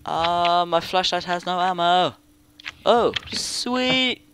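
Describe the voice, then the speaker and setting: A young man doing excitable, casual commentary over a game he plays. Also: sits high, slow pace, a little hiss or hum. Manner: excitable, yelps and laughs at the game. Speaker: gaming YouTuber.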